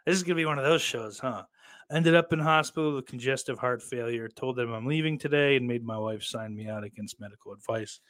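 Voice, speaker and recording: Young guy streaming, swearing nonstop, rants loud then goes quiet and mumbly, regular mid-pitch voice. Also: fairly quick. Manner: profane, rambling, swings from ranting to subdued. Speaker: streamer host. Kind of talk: casual live-stream commentary.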